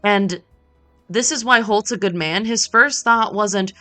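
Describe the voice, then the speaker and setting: A woman's voice: medium pitch, unhurried, pushed and bright. A woman streaming a cozy game, chatting playfully with joking asides and casual swearing. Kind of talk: casual gameplay chat.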